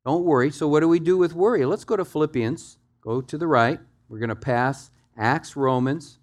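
A male pastor preaching a sermon, walking his listeners through scripture verse by verse and swinging from quiet low asides to loud, raised exhortation. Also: normal speed. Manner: guides the congregation through scripture step by step.

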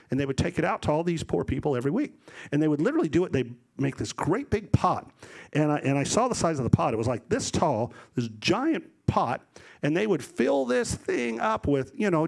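His voice is slightly high and gravelly as this middle-aged man preaches with animation. He climbs to loud emphasis and performs character voices in his stories.

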